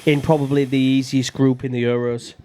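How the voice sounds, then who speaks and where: A man's voice: mid-range voice, a little fast, slight background noise. A man hosting a casual football watchalong podcast, bantering and swearing freely. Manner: swearing, banter-heavy, lively. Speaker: podcast host.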